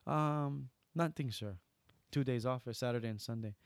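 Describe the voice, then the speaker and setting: A man's voice: medium pitch, normal speed, gravelly, no room sound, close to an everyday voice. A man voicing a humble, polite hotel driver in his sixties who keeps saying sir. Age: 60s.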